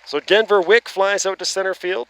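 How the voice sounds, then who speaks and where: Bright-voiced Atlantic Canadian baseball announcer. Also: male voice, high voice, moderate pace, clean tone. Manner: chatty, self-deprecating, excitable on plays. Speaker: play-by-play commentator. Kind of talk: live baseball commentary. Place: outdoor ballpark broadcast booth.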